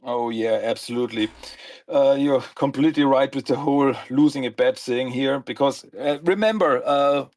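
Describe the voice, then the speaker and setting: A man's voice: medium pitch, moderate pace, a little mellow. A man co-hosting a podcast, recapping comic plots in a loose, rambling way with lots of "uh" and "like". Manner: rambling plot summaries full of "uh" and "like". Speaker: podcast co-host. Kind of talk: casual comic review chat.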